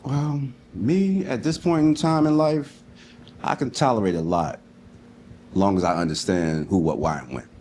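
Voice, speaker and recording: A man's voice: on the low side, normal speed, a little mellow, a little hiss or hum. A man in his fifties, a contestant on a dating show, answering in a laid-back way. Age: 50s.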